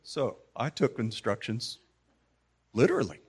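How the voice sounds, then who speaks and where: A man's voice: medium pitch, very animated, measured pace, husky. Man telling memorial anecdotes. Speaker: community member giving a tribute. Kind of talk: memorial tribute speech.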